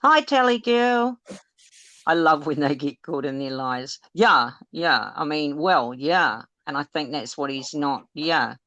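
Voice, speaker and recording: A woman's voice: sits low, animated, unhurried, fairly bright tone, no room sound. A woman hosting a casual live stream, talking hesitantly with lots of fillers. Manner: chatty, hesitant, full of fillers and laughs. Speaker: livestream host.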